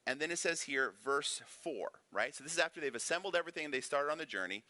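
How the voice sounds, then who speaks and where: A man with a fairly high, bright, forceful voice talks fast and animatedly in a dry recording. He's leading a casual Bible lesson in a church classroom, conversational and constantly tossing in a rhetorical "right?"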